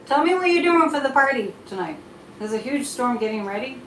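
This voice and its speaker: A woman's voice: high voice, animated, brisk, fairly bright tone, echoey room, a little hiss or hum, low-quality recording. A woman hosting a casual psychic live stream, chatting freely, reading viewer comments aloud and drifting off topic as she reads tarot cards. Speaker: psychic livestream host.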